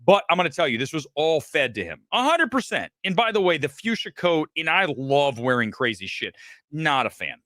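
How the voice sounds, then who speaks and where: Film show host, middle-aged man from ohio, lively swooping delivery, loud bursts and low asides. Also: brisk, no echo, clean studio sound. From Ohio, USA. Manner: animated, swings between loud outbursts and low asides, profane. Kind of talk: casual commentary on a livestream. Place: home studio, speaking to a laptop.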